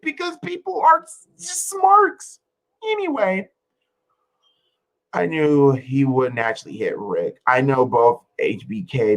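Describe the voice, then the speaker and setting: A woman's voice: mid-range voice, rough recording. A woman streamer ranting to her chat in an exasperated, profane way, repeating herself for emphasis. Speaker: wrestling streamer. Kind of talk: livestream rant to chat.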